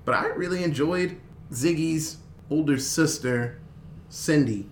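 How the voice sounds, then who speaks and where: A man's voice: fairly high pitch, slow pace. A man hosting a casual movie review podcast, recapping the plot and asking the others questions. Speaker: podcast host. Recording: echoey room, faint noise.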